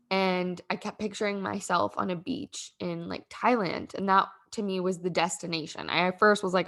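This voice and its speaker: A woman's voice: on the low side, fairly even intonation, moderate pace, few pauses, fairly bright tone. A young woman hosting a podcast, telling a personal story in a casual, rambling, heartfelt way, full of "like" fillers and close to tears at times. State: emotional, near tears. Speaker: podcast host.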